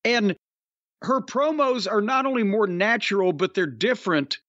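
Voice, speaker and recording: A man's voice: sits high, normal speed, a bit bright, dry recording, lo-fi sound. A man hosting a wrestling podcast, talking bluntly and profanely with emphatic stresses. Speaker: podcast host reviewing wrestling. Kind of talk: casual podcast chat.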